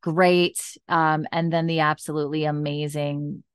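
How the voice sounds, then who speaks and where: A woman's voice: low voice, little pitch movement, a little slow, smooth, no room sound, clean studio sound. A woman hosting a podcast, chatting casually and gushing about recent episodes, with lots of fillers. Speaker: podcast host. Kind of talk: casual chat recap.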